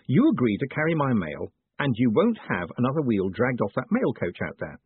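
Brief: man doing a glib con man, cocky and theatrical, husky voice, tinny dry sound. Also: medium pitch, wildly swooping pitch, brisk, no echo, pitched above the performer's own voice. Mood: smug. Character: smooth-talking, cocky young male con man. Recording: phone-like dry audiobook sound.

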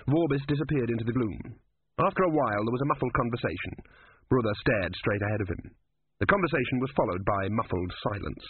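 A man narrating a story in a measured, even storytelling voice, recorded with a dry, phone-like sound. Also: medium pitch, breathy edge, dry recording. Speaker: audiobook narrator. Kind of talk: scripted narration.

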